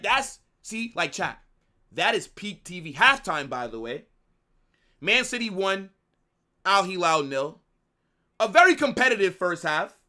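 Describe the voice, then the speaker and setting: Animated, bright-voiced young man streaming. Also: a little high. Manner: slangy, rambling, animated. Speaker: watch-along streamer. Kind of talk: casual live-stream chat to viewers.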